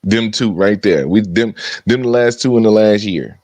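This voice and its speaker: A man with a very low voice, recorded dry and close. He talks bluntly and sardonically in a casual podcast, chuckling between his points. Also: normal speed, darkish tone, no room sound. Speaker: co-host. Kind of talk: casual chat.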